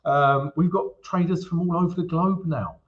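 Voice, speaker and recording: Upbeat chatty man, slightly high voice. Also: fairly even intonation, moderate pace, lo-fi sound. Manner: upbeat, chatty, greets viewers by name. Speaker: trading livestream host. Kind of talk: casual livestream chat and chart walkthrough.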